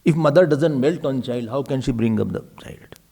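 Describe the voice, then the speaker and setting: A man, giving a spiritual discourse in an animated, storytelling manner. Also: medium pitch, moderate pace, creaky, breathy edge. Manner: animated, storytelling, laughing often. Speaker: spiritual teacher.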